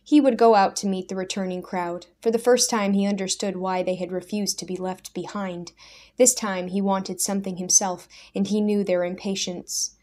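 A woman narrating a story in a soft, measured voice at an ordinary mid pitch. Her reading stays steady and gentle, line after line, in the manner of a recorded audiobook.

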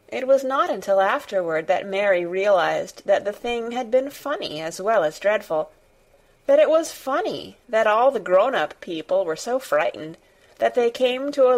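A woman narrating a classic children's storybook in a measured, deliberate way. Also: medium pitch. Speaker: reader. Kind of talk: audiobook narration.

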